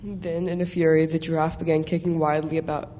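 Male storybook reader, warm and even, slightly high-pitched, in a reverberant hall. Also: fairly quick, slight background noise. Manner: steady, with occasional repeats. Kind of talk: storybook reading.

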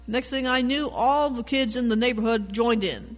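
A man reading a picture book aloud with animated storytelling and chatty asides about the pictures. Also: very high-pitched, moderate pace, long reverb tail. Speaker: reader.

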